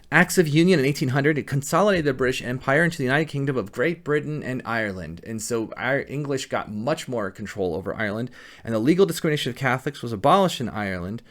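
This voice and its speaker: A man's voice: medium pitch, big pitch swings, fairly bright tone. A man giving a history lecture, often stopping to correct himself mid-word as he explains. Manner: halting, frequent restarts and self-corrections. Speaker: history teacher.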